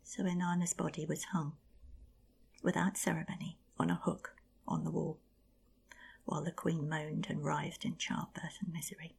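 A woman telling an old myth aloud in a hushed, half-whispered narration with a husky, gravelly voice. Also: sits low, flat delivery, normal speed. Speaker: storyteller. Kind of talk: oral storytelling of a myth.

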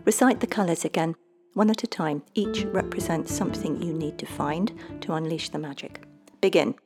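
A woman's voice: low-pitched, normal speed, music in the background. A woman voicing a prim, demanding little male leprechaun in a storybook reading, with clipped, formal orders. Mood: imperious.

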